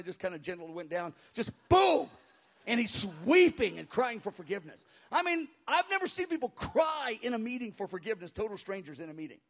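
A man pastor telling a story in a sermon before a live congregation, animated and halting, crying out when he acts out quoted voices. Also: sits high. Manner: halting with frequent restarts.

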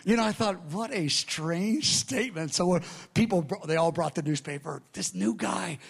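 Middle-aged man, preacher, lively sermon storytelling with voiced dialogue, slightly high-pitched. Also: moderate pace, gravelly, breathy edge. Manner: animated storyteller, acts out quoted dialogue.

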